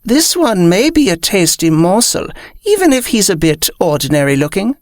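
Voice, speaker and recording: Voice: mid-range voice, very animated, moderate pace, no room sound, clean studio sound, voice pushed up. A reader voicing a haughty, predatory female vampire with a disdainful drawl.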